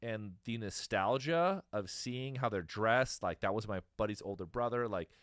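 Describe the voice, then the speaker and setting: A fairly low-voiced man in his thirties talks in a loose, rambling way, swearing freely and laughing at his own stories. The sound is dry and close, with no room echo. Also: a bit bright. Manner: rambling, profane, quick to laugh. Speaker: podcast host. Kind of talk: casual chat.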